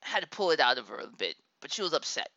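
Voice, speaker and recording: A woman telling a comic story about her daughter, animated and exasperated, laughing often. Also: deep voice, very fast, no room sound, highs cut off.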